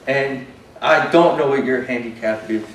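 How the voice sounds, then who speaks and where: An actor playing a shy, self-doubting young man with a disability, telling his story haltingly and earnestly in a stage monologue. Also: medium pitch, a little hiss or hum, natural voice. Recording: roomy hall from a distance.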